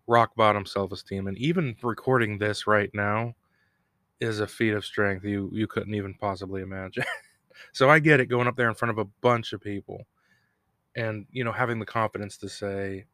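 A man's fairly low, fairly bright voice holds a mostly even intonation at a moderate pace as he recaps a TV episode solo for his podcast. His style is rambling and self-deprecating, with jokes he laughs at himself. There's no room sound and the audio is clean and studio-like, from a home recording room with a cat bell nearby.

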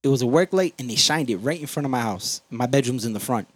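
A man's voice: mid-range voice, quick pace, dry recording. Profane man hosting a podcast. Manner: profane, storytelling, energetic. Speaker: podcast host. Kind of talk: casual podcast chat.

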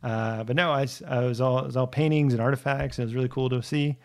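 A man's voice: medium pitch, fairly even intonation, fast. A man co-hosting a podcast, chatting casually and telling rambling, laid-back stories full of "like" and swearing. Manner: rambling, laid-back storytelling with frequent "like" and profanity. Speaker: podcast co-host. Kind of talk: casual chat.

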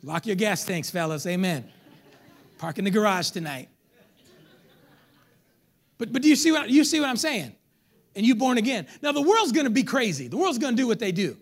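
A pastor delivers a lively sermon in church, his voice sitting high as he moves at a moderate pace with frequent pauses. He's an animated preacher who jokes with the crowd and acts out his congregants.

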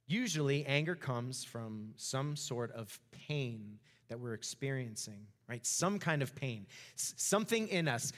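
Animated preacher in a reverberant hall. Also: male voice, fairly high pitch. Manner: animated, acts out voices of the story. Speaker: pastor. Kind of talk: sermon.

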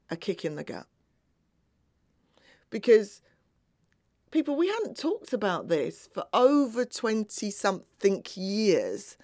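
A woman's voice: mid-range voice, darkish tone, no room sound, studio quality. A middle-aged woman telling a personal story earnestly and acting out remembered conversations. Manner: earnest, acts out remembered dialogue. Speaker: speaker.

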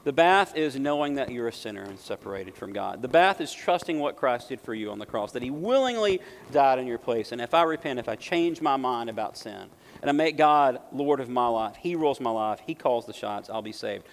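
A man preaching a sermon as pastor, emphatic, jumping from loud bursts to quiet asides. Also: mid-range voice, expressive, a little fast, vocal fry. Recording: long hall reverb.

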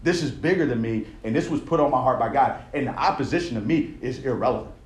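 A fast-talking man with a medium-pitched voice delivers a sermon in a church auditorium, and the room sound echoes. His style is conversational: he builds each point with repeated phrases and keeps asking the crowd "right?"

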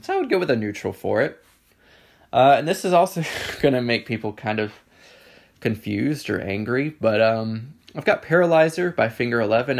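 Gravelly, hesitant man reviewing songs. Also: on the low side. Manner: casual, hesitant, many ums and restarts. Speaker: music reviewer. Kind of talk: casual solo commentary.

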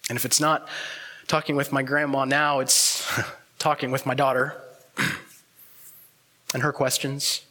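A man preaching a sermon as pastor, earnest and reflective, pausing often and letting words trail off softly. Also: mid-range voice, flat delivery.

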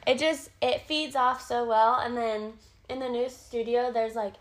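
A young woman photographer talks in loose, casual chat on a podcast. Her voice sits a bit high, and she swears often, rising to loud bursts of excitement. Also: measured pace.

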